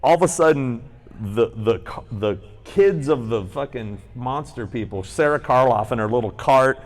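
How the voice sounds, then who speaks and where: A podcast co-host, recorded live on a convention panel, tells a rambling, profane story and acts out the people in it. His mid-range voice is animated and moves at a moderate pace.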